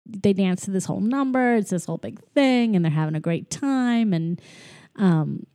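A chatty woman with a mellow, soft-edged voice recaps a movie for a podcast, laughing often and quoting the characters in little acted bits. She sounds a bit under the weather with a cold coming on, and her voice is dry and close to the mic. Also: mid-range voice, expressive, moderate pace, no echo. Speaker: podcast co-host. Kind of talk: casual movie recap chat.

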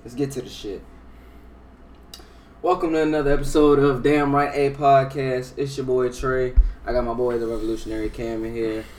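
A man's voice: mid-range voice, little pitch movement, normal speed, darkish tone. Young guy hosting a podcast, cussing and laid back, a bit far from the mic with some hiss. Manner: profane, laid-back banter. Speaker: podcast host. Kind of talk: casual podcast chat. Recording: distant mic with background noise.

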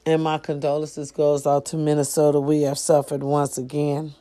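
A woman vlogger talking straight to her followers in a casual, preachy, profane monologue that swings from low murmurs to loud outbursts. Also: completely flat delivery, normal speed, hardly any pauses. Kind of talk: casual direct-to-camera monologue.

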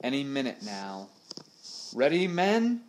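A man's voice: medium pitch, lively intonation, moderate pace, fairly bright tone, slight background noise, pitched above the performer's own voice, lightly acted, rough recording. A man doing a gloating pirate captain. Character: scheming male pirate captain, villainous.

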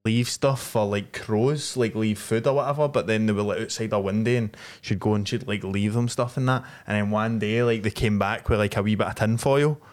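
A man's voice: lowish voice, fairly even intonation, fairly quick, a little mellow. A young Scottish man in casual podcast chat, rambling with lots of slang and fillers.

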